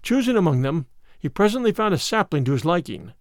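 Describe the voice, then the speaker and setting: Expressive male storybook narrator. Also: high voice, fairly quick, no room sound, clean studio sound. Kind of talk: scripted narration of a classic tale.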